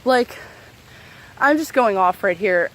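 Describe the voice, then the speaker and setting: A woman's voice: medium pitch, lively intonation, takes it slowly. A young woman ranting heatedly to camera as a vlogger, profane and sarcastic, with many fillers. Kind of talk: angry unscripted rant to camera.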